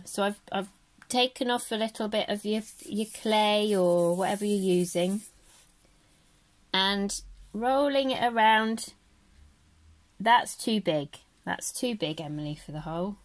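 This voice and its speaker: A woman giving a casual craft lesson, chatty and gentle, rambling and correcting herself as she goes. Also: medium pitch. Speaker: craft teacher. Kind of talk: casual how-to tutorial.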